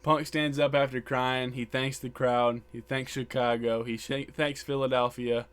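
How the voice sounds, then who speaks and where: Dude on a podcast going over wrestling, smooth clear voice, mid pitch, acts out the lines. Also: male voice, level tone, normal speed. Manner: retells scenes acting out quoted lines, profane, repeats words. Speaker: podcast co-host. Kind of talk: casual chat recapping wrestling. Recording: background buzz.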